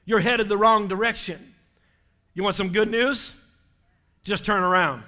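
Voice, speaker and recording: Male pastor, fervent sermon delivery that climbs into shouts, high-pitched and bright. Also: measured pace. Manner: impassioned preaching, rising to shouts.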